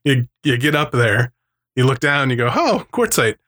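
A man in casual podcast chat, talking at an ordinary middle pitch. He rambles along, laughs often, and slips into the voices of the people he quotes. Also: fairly even intonation, normal speed, fairly bright tone. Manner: rambling storyteller who acts out quoted voices; laughs often between remarks. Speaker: podcast co-host.

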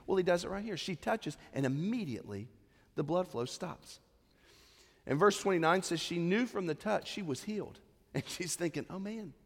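A man, preaching a sermon in a conversational, humorous way with little acted-out asides. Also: high-pitched. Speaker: pastor. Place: church sanctuary. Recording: echoey church hall.

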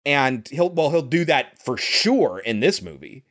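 A man's voice: on the high side, big pitch swings, unhurried, a bit bright. An American man in casual conversation reviewing a movie, explaining at length and swearing now and then. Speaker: movie podcast co-host. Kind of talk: casual film review chat.

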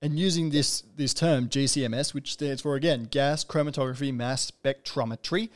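A man's voice: mid-range voice, normal speed. A man hosting a podcast interview, talking in a loose, rambling way with many restarts and playful asides. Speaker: podcast host. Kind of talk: casual interview chat.

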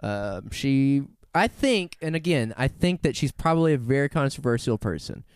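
A man's voice: mid-range voice, normal speed, clean tone, no room sound, studio quality. A man co-hosting a podcast, casually telling a story, laughing often and correcting himself as he goes. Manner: laughs often, animated, rambling with self-corrections. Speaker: podcast co-host.

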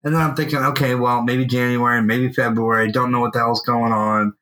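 A man co-hosting a podcast, telling a long story in a casual, animated way and swearing freely. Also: medium pitch, brisk, rough recording. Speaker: podcast co-host. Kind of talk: casual chat. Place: at home.

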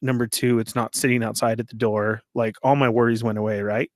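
A man's voice: medium pitch, a little fast, no room sound, clean studio sound. A man casually telling a long story, laughing often and acting out what people said. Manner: animated, laughs often, acts out quoted voices.

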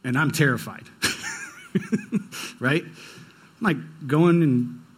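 A man's voice: mid-range voice, takes it slowly, breathy edge. A young man preaching a sermon, telling a personal story in a casual, conversational way. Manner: conversational, storytelling with quoted dialogue. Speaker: pastor.

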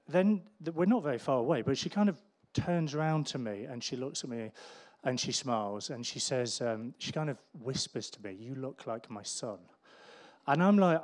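A man preaching in a church, telling a self-deprecating story with sudden jumps in pitch and volume. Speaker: pastor. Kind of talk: storytelling sermon.

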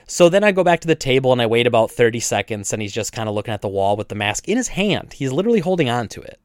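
A man who owns a video game store, telling a story in casual chat, animated and indignant, with many restarts and voices for each side. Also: medium pitch, very fast, no room sound, clean studio sound. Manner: animated retelling, acts out both sides with frequent restarts.

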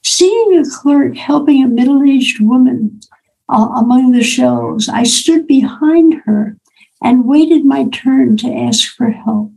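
Older woman with a gravelly voice, telling stories. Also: sits high, slow pace, dark tone, poor audio. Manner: personal, anecdotal, acts out quoted dialogue. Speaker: author and speaker. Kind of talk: storytelling talk.

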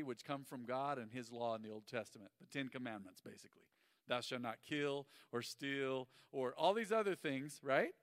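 Animated preacher man in a reverberant hall. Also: a little high, clean studio sound. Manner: animated storytelling preacher, swings from loud to hushed. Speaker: pastor. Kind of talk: sermon.

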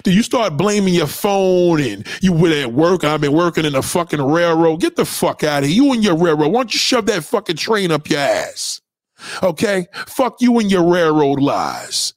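Guy going off on a livestream, high voice, swings all over, cussing and scolding. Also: very animated, moderate pace, dry recording, clean studio sound. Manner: heated, profane, lecturing. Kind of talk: profane livestream rant.

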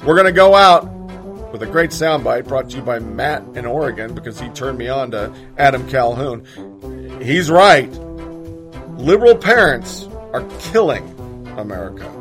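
A man's voice: mid-range voice, expressive, moderate pace, a bit bright, soft background music. A man hosting a podcast, giving heated, profane political commentary. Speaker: podcast host.

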